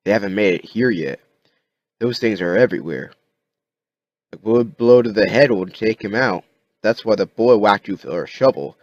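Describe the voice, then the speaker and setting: A man voicing a calm, plain-spoken rural father who shelters his son, talking in a folksy way. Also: on the low side, moderate pace, pauses often, dry recording, muffled recording, close to an everyday voice.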